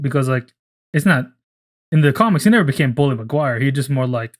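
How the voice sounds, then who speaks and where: Rambling, swearing man pitching ideas. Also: moderate pace, long pauses. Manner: rambling, profane, full of restarts. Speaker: podcast co-host. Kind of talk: casual chat.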